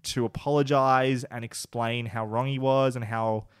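A man's voice: medium pitch, fairly even intonation, a little slow, clean tone, no room sound. An enthusiastic man talks through favourite scenes on a podcast, rambling and swearing casually. His mid-range voice sits close to the mic in a dry, dead room. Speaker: podcast co-host. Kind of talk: casual chat.

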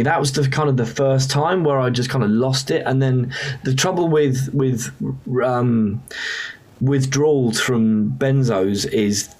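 A man's voice: mid-range voice, darkish tone. A man, a musician guest, frankly recounting a hard time in an emotional, casually profane way. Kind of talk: candid storytelling.

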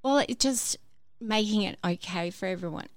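A woman appears as a podcast guest, telling her personal story in a mid-range voice at normal speed with no echo. She sounds hesitant, with many fillers and restarts.

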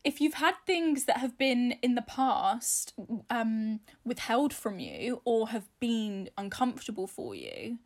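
A woman co-hosting a podcast, chatting casually, laughing often and dropping quick asides. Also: a little high, big pitch swings. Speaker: podcast co-host. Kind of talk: casual chat.

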